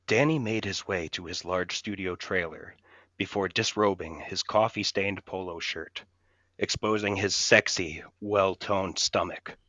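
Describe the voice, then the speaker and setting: This podcast co-host has a low, steady, unhurried voice that sounds pushed and bright, with no echo but a dull lo-fi mic. He reads a comedic story aloud in a mock-serious storytelling way.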